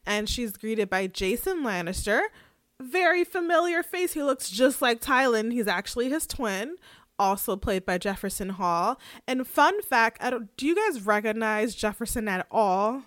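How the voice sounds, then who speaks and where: Female podcast host; animated, slangy recap delivery; dry, close recording. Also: on the high side, moderate pace, dry recording. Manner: chatty, animated retelling with slang. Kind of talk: casual episode recap.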